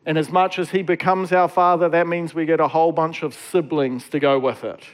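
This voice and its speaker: High-voiced man preaching casually. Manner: casual, conversational preaching with many fillers. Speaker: pastor. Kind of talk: sermon.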